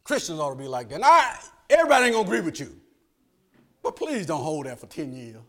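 A male pastor preaching a folksy sermon. He swings from hushed asides to shouted lines, asks for amens and laughs along with the congregation. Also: a little high, big pitch swings, fast.

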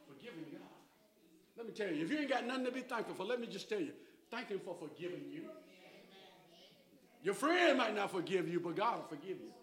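High-pitched preacher guy, calls to the crowd, heard from far in a roomy church. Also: big pitch swings, a little fast, pauses often. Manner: call-and-response preaching, rising to shouts. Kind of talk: sermon. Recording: very echoey church hall, mic from afar.

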